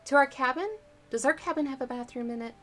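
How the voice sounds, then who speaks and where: A woman's voice: high voice, fast, a bit bright, pitched above the performer's own voice. A woman voicing a jittery young boy camper who asks nervous, anxious questions in a storybook reading.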